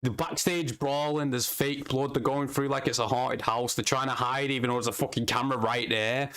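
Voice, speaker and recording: A man's voice: medium pitch, fairly even intonation, brisk, fairly bright tone. A man co-hosting a casual wrestling podcast, blunt and exasperated, swearing heavily. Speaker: podcast co-host.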